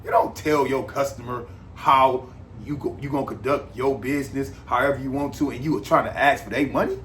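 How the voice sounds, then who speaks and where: A man hosting his own show, talking straight through a casual, rambling monologue. He repeats himself for emphasis and leans hard on key points, and his pitch sits in an ordinary middle range. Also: brisk, fairly bright tone, slight background noise. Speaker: podcast host.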